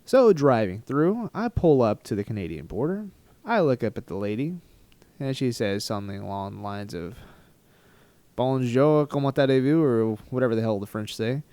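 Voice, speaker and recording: A man telling a travel story in a rambling, animated, self-mocking storytime vlog style. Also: lowish voice, moderate pace, no echo. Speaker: travel vlogger.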